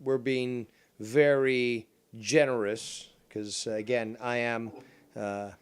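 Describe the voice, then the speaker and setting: A man's voice: mid-range voice, flat delivery, slow, clean tone. A man hosting a live call-in show, mocking and insulting a rival in sarcastic commentary. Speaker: stream host.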